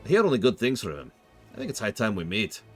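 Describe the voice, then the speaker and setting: Man doing a dwarf explorer, put-on brogue, hearty, low voice, very lively pitch. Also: quick pace, faint music behind. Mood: urgent. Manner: hearty, calls people "lad". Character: excitable male dwarf explorer, hearty and adventurous. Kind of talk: reading game dialogue aloud.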